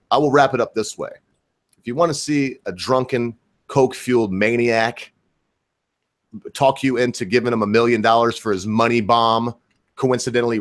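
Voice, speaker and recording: A man's voice: mid-range voice, a bit bright. A man hosting a live-stream talk show in a brash, rambling, joking way, reading out viewer questions. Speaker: host.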